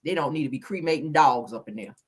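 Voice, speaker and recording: A woman's voice: low voice, fast, breathy edge. A woman hosting a casual news commentary stream, emphatic and blunt, swearing freely and calling her viewers honey and child.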